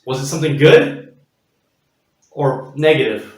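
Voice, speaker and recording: A man's voice: sits high, measured pace. A man hosting his own channel in a casual motivational talk, chatty and often checking in with the viewer. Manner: chatty, frequent "okay?" and "right?" check-ins. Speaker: channel host. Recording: echoey room.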